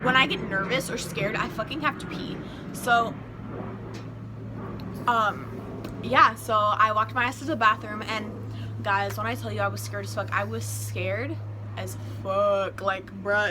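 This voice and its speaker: A teenage girl telling a casual storytime to her phone camera, animated and swearing freely as she acts out the people in it. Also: a little high, background noise. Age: teens. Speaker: vlogger.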